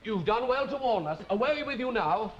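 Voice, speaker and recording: A man's voice: very high-pitched, lively intonation, moderate pace, lo-fi sound. An actor playing a brusque, blustering male court lord who talks bluntly in a television comedy sketch. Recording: hissy old TV studio recording.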